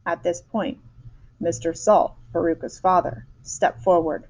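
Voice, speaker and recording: A woman reading a children's chapter book aloud, lively, with small slips and restarts. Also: lowish voice, measured pace. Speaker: storyteller.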